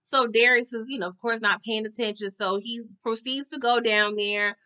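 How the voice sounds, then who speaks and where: Chatty lady recapping a show, bright voice, kinda muffled lo-fi audio. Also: on the high side, fairly even intonation, normal speed, clean tone. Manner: chatty, slangy, laughs and asides. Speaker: TV episode reviewer. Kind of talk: casual TV recap.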